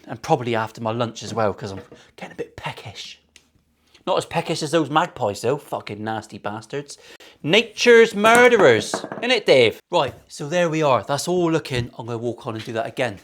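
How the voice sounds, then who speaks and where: A man's voice: medium pitch, fast talker, few pauses, a little hiss or hum. A middle-aged man, a guitar maker hosting his own workshop video, talking in sweary, self-mocking, rambling banter. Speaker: luthier and channel host. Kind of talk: casual workshop vlog banter.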